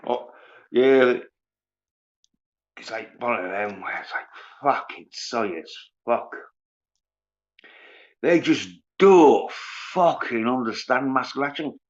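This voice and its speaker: On a casual livestream, the male host reads viewers' comments and rants about them scornfully and profanely. His mid-range voice moves slowly with frequent pauses, and the audio is dull and lo-fi.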